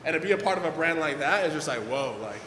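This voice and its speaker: A young man, telling stories at a skate event Q&A in a casual, animated way, full of fillers and acted-out quotes. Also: fairly high pitch, fast, slight background noise. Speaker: guest pro skateboarder. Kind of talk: casual storytelling at a Q&A. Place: event hall with audience. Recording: echoey hall, faint ambience.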